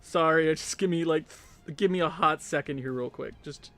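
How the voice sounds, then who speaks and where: A young man hosting a gaming livestream, rambling casually and chatting to viewers in quick asides. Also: a little high, fairly bright tone, soft background music.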